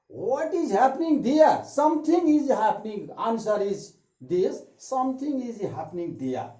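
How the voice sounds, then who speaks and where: A man teaching an English grammar lesson, repeating each example sentence slowly. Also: very high voice, dark tone. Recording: echoey room, dull lo-fi sound.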